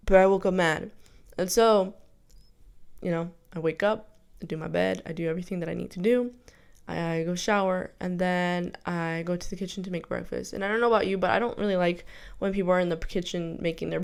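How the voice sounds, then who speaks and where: A woman's voice: on the low side, clear, resonant tone. A young woman vlogger telling a personal story in a casual, rambling, self-reflective way, full of fillers and restarts.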